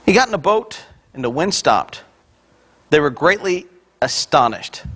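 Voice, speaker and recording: A male pastor with a high-pitched voice preaches a sermon with energy. He builds to loud, forceful peaks on the points he stresses, then slips into joking asides to the congregation. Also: very animated, unhurried.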